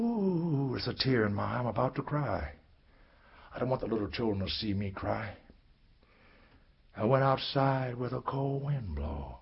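A man performs a poetic spoken-word story, his husky voice leaping between soaring highs and hushed lows in a sing-song flow. He takes his time over the lines, and the recording sounds dull and lo-fi. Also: sing-song, measured pace, pauses often.

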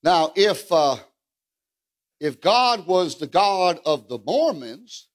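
A man preaching a fiery revival sermon, asking the congregation questions, calling for amens and breaking into shouts. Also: sits high. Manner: fiery, rhetorical, calls for amens, bursts into shouts.

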